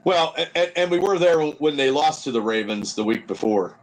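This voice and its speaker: Guy with a pretty high voice rambling through stories on a podcast call. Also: lively intonation, normal speed, low-quality recording. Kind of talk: casual chat on a video-call podcast.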